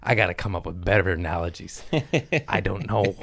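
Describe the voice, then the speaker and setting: A man with a lowish voice rants on a podcast into a studio mic. He talks in a loud, rambling, profane way and often laughs at his own jokes. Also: steady tone, fairly quick, gravelly. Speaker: podcast host. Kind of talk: casual profane podcast rant.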